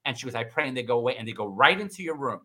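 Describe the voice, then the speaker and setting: A middle-aged man telling a personal story in casual conversation, animated and acting out the voices of the people in it. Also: rapid-fire. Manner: animated, acts out quoted voices with big pitch jumps. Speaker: guest.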